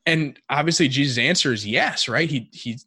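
A man talks through his thoughts on a podcast in a reflective, searching way, pausing on fillers as he works out each idea. His voice sits in an ordinary middle register. It is recorded close and dry, with no room sound. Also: mid-range voice, pushed and bright, husky, no echo. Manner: reflective, thinks aloud with many "like" fillers. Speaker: podcast co-host. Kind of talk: casual faith discussion.

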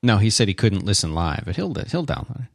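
A man's voice: lowish voice, big pitch swings, a little fast, gravelly, husky, no room sound, studio quality. A man co-hosting a podcast, chatting in an easygoing way with short replies. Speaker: podcast co-host. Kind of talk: casual chat.

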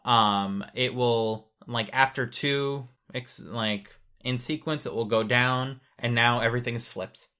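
A man's voice: mid-range voice, steady tone, measured pace, few pauses, sharp tone, smooth. A man casually explaining how data is sent over cables, patient and chatty, with many fillers.

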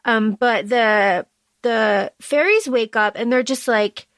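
Woman podcast co-host, casual book chat, higher voice, dry close sound. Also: slow, no echo. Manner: chatty, animated retelling with fillers.

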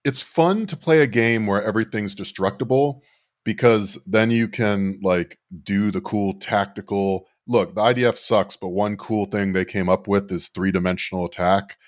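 A low-pitched man talks through the news on a podcast, sardonic and rambling, tripping over his own restarts. The sound is dry and close, with no room around it. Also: moderate pace, no echo. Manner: sardonic, rambling, frequent self-corrections. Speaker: podcast co-host. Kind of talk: casual political podcast banter.

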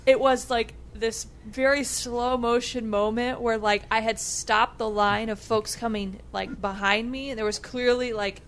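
A young adult woman co-hosting a podcast, telling a story in casual chat, animated and laughing with lots of "like" fillers. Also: on the high side, unhurried, few pauses. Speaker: podcast co-host.

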